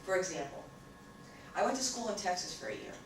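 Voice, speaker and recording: A woman with a New York accent tells a story to an audience and plays out both people in the conversation. She sounds far from the mic in a very echoey room. A steady hiss of noise sits under her voice. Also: medium pitch, fast. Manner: animated, acts out both sides of the story. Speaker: speaker on communication.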